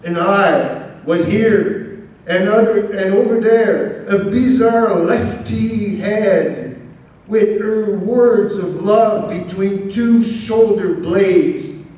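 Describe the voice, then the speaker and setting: A man giving a slow, measured poetry reading with long pauses, in a large church. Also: high voice, a little mellow. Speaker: poet reading at an event. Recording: very echoey church hall, mic far off.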